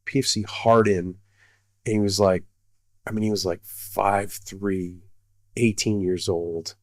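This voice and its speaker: A man's voice: fairly low pitch, steady tone, a little slow, dry recording. A middle-aged man, a retired army colonel, telling a story casually, rambling with many fillers and restarts.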